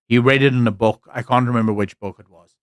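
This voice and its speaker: A man's voice: mid-range voice, fairly even intonation, fast, clean tone, dry recording, studio quality. A man around forty, from South Africa, with a mixed English accent that carries South African traces. He hosts a live stream of political commentary, talks bluntly and candidly, rambles with fillers, and greets viewers from the chat.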